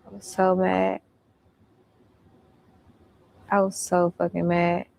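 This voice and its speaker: Slow, gravelly-voiced woman telling a story. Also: lowish voice, flat delivery, darkish tone. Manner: blunt, profane, recounting events. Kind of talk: casual storytelling.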